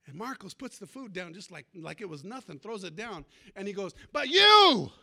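A middle-aged man pastor preaching a sermon, storytelling with sudden shouts and call-outs to the congregation. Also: high-pitched, lively intonation, fairly quick, creaky. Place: church.

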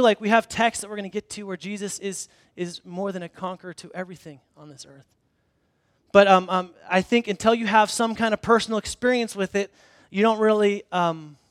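A man's voice: high-pitched, no echo, clean studio sound. A man, a pastor, giving a conversational sermon in church, telling stories with self-deprecating humor and frequent restarts. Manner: casual storytelling with frequent restarts. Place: church hall before a congregation.

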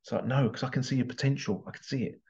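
A man's voice: medium pitch, steady tone, very fast, vocal fry, darkish tone, highs cut off. A man telling a story as a parent in a casual motivational talk, acting out the voices of the people in it. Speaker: parent giving life advice.

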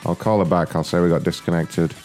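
A man's voice: deep voice, steady tone, fast, darkish tone, soft background music. A man hosting a prank phone call show, joking and laughing often as he talks.

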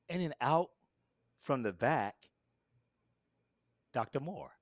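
A man telling a long personal story in a casual interview, animated and acting out what people said. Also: slow, no echo, clean studio sound. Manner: animated, acts out quotes with big jumps in pitch and volume. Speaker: guest.

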